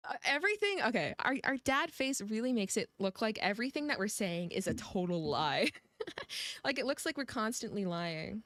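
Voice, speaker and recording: A woman game streamer talks casually and rambles, circling back on herself often. Her voice sits at a middling pitch. The recording is dry and close, with no room sound. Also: big pitch swings, moderate pace, fairly bright tone, dry recording. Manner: rambling, chatty, with frequent restarts. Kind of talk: casual gameplay commentary.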